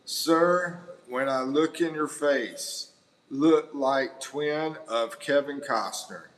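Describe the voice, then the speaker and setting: A man voicing a flattering viewer in a put-on accent, speaking in slow, broken phrases. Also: mid-range voice, in a large hall, pitched above the performer's own voice, poor audio. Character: fawning viewer comparing him to a film star.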